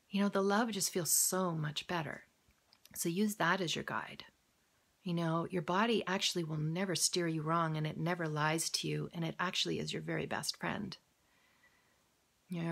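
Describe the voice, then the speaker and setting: Gravelly-voiced woman guiding gently. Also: lowish voice. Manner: soft, encouraging, laughs often. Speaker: health practitioner. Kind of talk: casual guided talk. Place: home.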